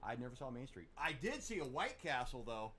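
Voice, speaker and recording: A man's voice: mid-range voice, sing-song, brisk, sharp tone, a little hiss or hum. A man co-hosting a casual chat show, rambling as he reads out a list of silly laws. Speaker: podcast co-host.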